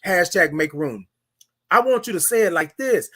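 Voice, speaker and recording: A man's voice: sits high, very animated, a little slow, a bit bright. Man preaching self-worth on a morning show. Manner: preachy, hype, talks straight to listeners by name; repeats words and phrases for emphasis. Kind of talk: motivational morning talk.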